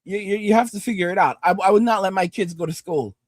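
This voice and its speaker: A high-voiced, fast-talking livestream host reads viewer comments, with no echo in the audio. His commentary is an angry, profane rant in which he lectures viewers and keeps repeating himself.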